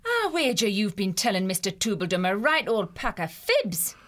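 A man's voice: high voice, wildly swooping pitch, moderate pace, sharp tone, pitched above the performer's own voice, full character voice. A man putting on a tart scolding woman. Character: sharp suspicious woman creature.

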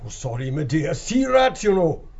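A man's voice: fairly high pitch, big pitch swings, normal speed, creaky, slightly rough, pitched above the performer's own voice, heavily acted. A man voicing a jolly, chuckling old male shrew who has become a grandfather. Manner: chuckling, warmly boisterous. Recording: dull lo-fi audio.

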